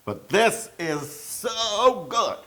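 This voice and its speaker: A man's voice: high-pitched, expressive, very slow, sharp tone. A man co-hosting a cooking video, gushing and exclaiming as he tastes, laughing often. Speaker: cooking show co-host tasting the food. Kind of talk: casual cooking chat.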